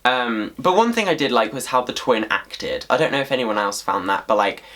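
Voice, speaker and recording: A man vlogging in a loose, ranting monologue. He talks at a medium pitch and swears freely. His delivery is animated and exasperated, full of fillers and restarts. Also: brisk.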